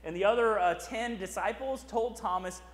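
A man's voice: high voice, moderate pace. A man preaching a sermon as pastor, in a conversational style full of "right?" asides. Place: church sanctuary. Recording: echoey church hall.

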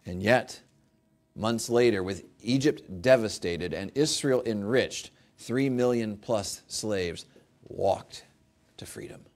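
A male pastor delivers a sermon slowly in a fairly low voice. He speaks emphatically, building to forceful peaks, and acts out quoted prayers with mock pleading.

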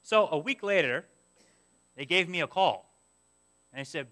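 A young adult man preaching a sermon, telling a personal story in an animated way and acting out his own past complaints. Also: on the high side, unhurried, pauses often. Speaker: pastor.

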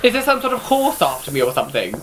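A man's voice: sits high, wildly swooping pitch, quick pace, background noise. Jumpy, swearing man playing a horror game. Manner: jumpy, swears, nervous laughter and shrieks. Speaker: gaming video host. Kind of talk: horror game playthrough commentary.

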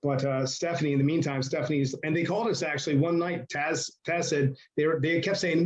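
A man's voice: fairly high pitch, steady tone, fairly quick, hardly any pauses, muffled recording. A man telling stories as an interview guest in a casual, rambling way, with lots of fillers.

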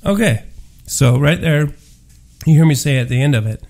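A man's voice: a little high, animated, moderate pace, noisy background. Profane rambling man hosting a show. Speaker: paranormal audio show host. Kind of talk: ranting monologue.

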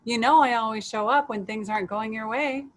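A woman's voice: fairly high pitch, a little fast, close to an everyday voice. A woman voicing Anger, a boy's feeling come to life as a companion, in a storybook reading. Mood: knowing.

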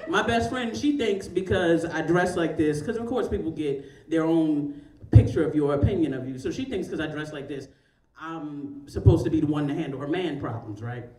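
A woman's voice: low-pitched, normal speed, few pauses, mellow. A woman in her forties from Baltimore, Maryland, doing a stand-up comedy set in front of a live audience, brash and profane and laughing often. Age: 40s. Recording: echoey room, mic at a distance, noisy.

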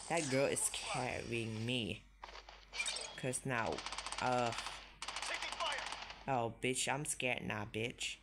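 A man's voice: very slow, long pauses. A young man giving casual commentary while playing a mobile shooter, jumpy and constantly swearing, yelping when startled. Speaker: mobile shooter game streamer. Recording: noisy low-quality audio with loud hiss.

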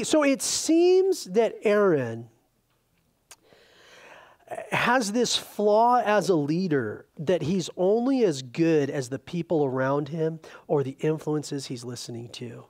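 A man preaching a sermon as a pastor, teaching through a Bible passage in a loose, conversational way with lively asides to his congregation. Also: fairly high pitch, slow pace. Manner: chatty and informal, retelling scripture with animated asides.

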